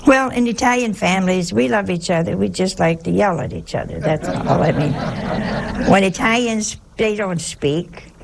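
A woman's voice: mid-range voice, normal speed, creaky, a little hiss or hum. A woman who is a nun, giving a chatty sermon-style talk, telling stories and asking her listeners rhetorical questions.

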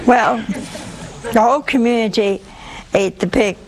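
A woman's voice: fairly high pitch, unhurried, noisy background. A woman with a sore throat telling an audience the story of a saint, breaking in with homely, humorous asides. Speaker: religious storyteller.

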